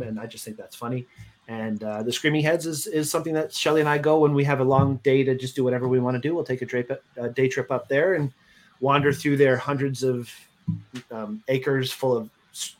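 A man hosting a casual podcast chat, joking around and asking his guests questions. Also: medium pitch. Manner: laid-back, jokey, asks the questions. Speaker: podcast host.

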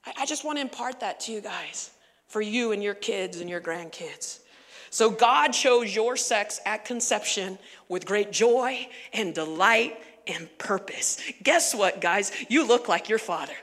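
A woman pastor preaching a sermon in a church, animated and conversational with laughing asides. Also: mid-range voice, a little slow, big-room sound.

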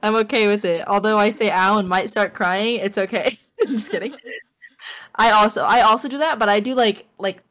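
A woman's voice: mid-range voice, moderate pace, fairly bright tone. A young woman co-hosting a laid-back chat podcast. She rambles with plenty of fillers and breaks into giggles as she talks. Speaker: podcast co-host. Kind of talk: casual chat.

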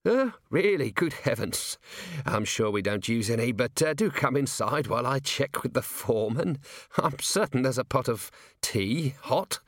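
A man's voice: medium pitch, animated, normal speed, no room sound, clean studio sound, natural voice. A man voicing a nervous, fussy male factory owner who talks in jittery, hesitant bursts. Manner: jittery, hesitant speech with ums.

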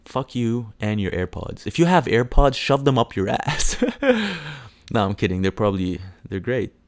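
A man's voice: medium pitch, very animated, unhurried, no echo. A man hosting a casual solo podcast, rambling with lots of fillers, swearing and mocking impressions. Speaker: podcast host.

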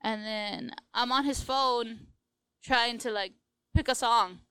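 Young woman, podcast storyteller, lots of "like", smooth voice, dry close sound. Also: on the high side, slow, sharp tone, no room sound, low-quality recording. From Latina, US. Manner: storytelling with quoted dialogue, lots of "like". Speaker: podcast host telling her story. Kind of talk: casual podcast chat.

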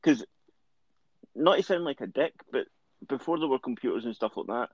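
A man's voice: medium pitch, animated, moderate pace, breathy edge, dry recording. Easygoing Dundee man, lo-fi. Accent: Dundee Scottish. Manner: easygoing, jokey, swears. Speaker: podcast co-host. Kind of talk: casual chat. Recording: dull lo-fi sound.

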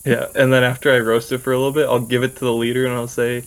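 Relaxed male player, mid-pitched, calm laid-back delivery. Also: rapid-fire, clear, resonant tone, poor audio. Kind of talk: casual tabletop play.

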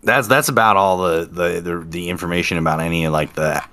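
Very deep, bright, dry-voiced man. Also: steady tone. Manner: halting, repeats words while reading aloud. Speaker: podcast co-host. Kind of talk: casual chat, reading from a wiki.

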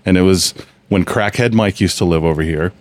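A man with a very deep voice tells stories on a casual chat podcast. He rambles and often restarts his sentences. The sound is dry and close to the mic. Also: brisk, no echo. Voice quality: low, relaxed storytelling with frequent restarts. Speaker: podcast host.

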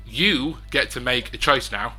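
A very bright-voiced man narrates a tabletop western game as its game master. He is chatty and laughs easily, often stumbling into restarts. Soft music plays behind him. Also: mid-range voice, a little slow, husky.

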